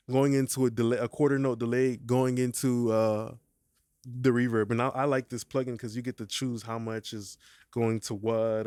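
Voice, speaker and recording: A man's voice: medium pitch, darkish tone, clear, resonant tone, no echo, clean studio sound. A man hosting a casual vocal mixing tutorial, talking in a slangy, laid-back way and often asking "you feel me". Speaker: mixing engineer tutorial host.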